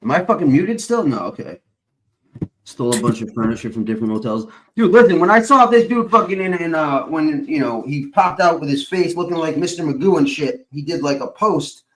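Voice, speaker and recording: A man's voice: on the high side, expressive, brisk. A man hosting a stream, rambling in casual chat, swearing constantly and filling gaps with uh and whatchamacallit. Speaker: stream host.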